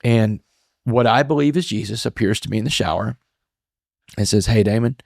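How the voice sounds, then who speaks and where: A man speaks as a podcast guest, earnest and reflective as he tells his story, often stopping to restart a phrase. His voice sits low. The sound is dry and close, with no room echo. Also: normal speed, gravelly, darkish tone. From Texas. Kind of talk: emotional storytelling interview.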